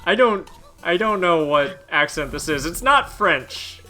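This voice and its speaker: A man's voice: fairly high pitch, expressive, unhurried, bright, forceful tone. A man hosting a game playthrough, playful and self-mocking in casual commentary. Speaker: let's play host. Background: game music.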